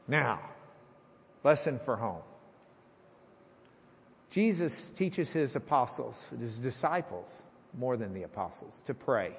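A middle-aged man preaching a sermon, telling a courtroom story and acting out the voices with lively energy. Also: mid-range voice, measured pace, slightly rough. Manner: animated storyteller, acts out voices. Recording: hall reverb.

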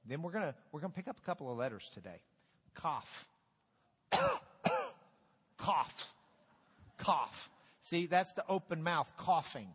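Animated man teaching a Bible class. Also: on the high side, a little slow, long pauses, slightly rough. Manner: lively, jokey, animated letter drills. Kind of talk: casual church class teaching. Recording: hall reverb.

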